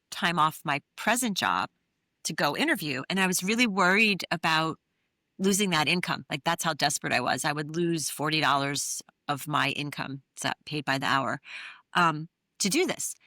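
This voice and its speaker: A woman's voice: low voice, bright, forceful tone, dry recording, studio quality. A middle-aged woman, an interview guest, telling a personal story in an earnest, candid way with many fillers. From New England. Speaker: interview guest, therapist and author.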